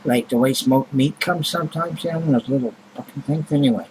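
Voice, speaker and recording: A man's voice: medium pitch, a little fast, darkish tone, slight background noise, low-quality recording. Blunt rambling man who swears freely. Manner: rambling, heavy swearing, frequent fillers; blunt and grumbling. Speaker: vlogger. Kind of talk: rambling casual monologue.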